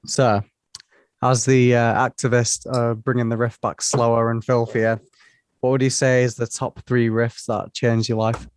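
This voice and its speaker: A man's voice: medium pitch, level tone, unhurried, clean tone, dry recording. Male co-host, rambling and chatty, recorded dry. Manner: rambling, chatty, lots of "you know". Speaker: podcast co-host. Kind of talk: casual podcast chat.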